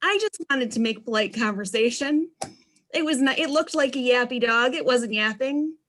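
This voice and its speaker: A woman's voice: on the high side, normal speed, a bit bright, a little hiss or hum, rough recording. A woman in a video-call workshop telling an embarrassing anecdote in a self-deprecating, casual way. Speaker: workshop participant.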